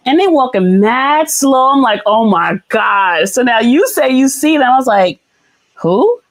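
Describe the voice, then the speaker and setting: A woman retelling a story in casual chat, lively and laughing. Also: sits high, moderate pace.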